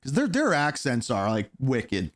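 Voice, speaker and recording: A man's voice: medium pitch, wildly swooping pitch, unhurried. A man hosting a reaction video who chats casually in loose, rambling asides and keeps breaking in with questions.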